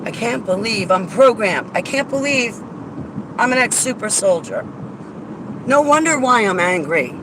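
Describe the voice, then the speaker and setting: A blunt, argumentative woman rants in a casual vlog from around her car. Clear traffic and street noise runs behind her voice. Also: fairly high pitch, animated, unhurried. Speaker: vlogger.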